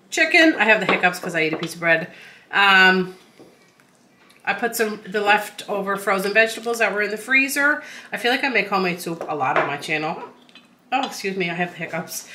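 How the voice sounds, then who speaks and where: A woman's voice: medium pitch, pushed and bright, slight background noise. A woman from Eastern Canada, a stay-at-home mom chatting casually as she cooks in her home kitchen, with frequent ums. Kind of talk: casual vlog narration. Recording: echoey room, faint ambience.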